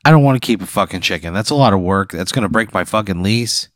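A man's voice: fairly low pitch, lively intonation, fast talker, no room sound, studio quality. A man playing his character in an improvised tabletop game, exasperated and swearing a lot. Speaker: player. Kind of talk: improvised role-play.

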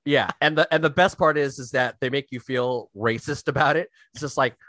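A man's voice: mid-range voice, brisk, a bit bright, no echo, studio quality. A man co-hosting a podcast in casual chat, joking around and telling stories with animation. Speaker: podcast co-host.

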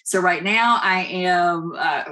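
A woman with a Kentucky accent talks as a guest on a podcast, rambling from one thing to the next and laughing often. Her voice is bright and forward. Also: fairly low pitch, takes it slowly. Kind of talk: casual interview chat.

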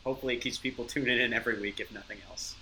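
Bright-voiced Canadian man, faint hiss. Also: medium pitch, steady tone, very fast, rough recording. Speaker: podcast co-host. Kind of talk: casual podcast chat.

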